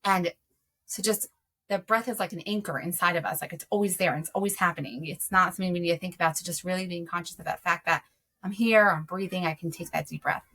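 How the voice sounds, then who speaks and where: A woman's voice: lowish voice, fairly even intonation, fast talker, sharp tone. A woman speaking as a guest, explaining self-regulation for parents in an earnest, conversational way with frequent ums. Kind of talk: conversational advice.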